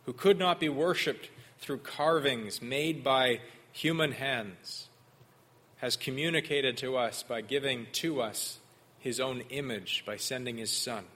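A man preaching an expository sermon, earnest and measured. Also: medium pitch, a bit bright. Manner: earnest expository preaching, mimics sarcastic voices in quotes.

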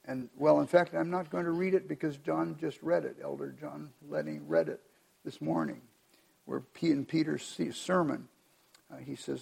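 An American man preaching a sermon as pastor, reading scripture aloud and explaining it in an earnest, measured way. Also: fairly high pitch, darkish tone. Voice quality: gravelly.

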